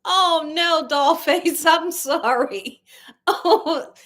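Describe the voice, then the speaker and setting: A woman's voice: very high voice, extremely slow, fairly bright tone. A middle-aged woman hosting a casual livestream, chatting with viewers, reading their comments aloud and telling stories with frequent laughter. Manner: chatty storyteller, laughs often, addresses viewers as y'all. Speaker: cooking channel host.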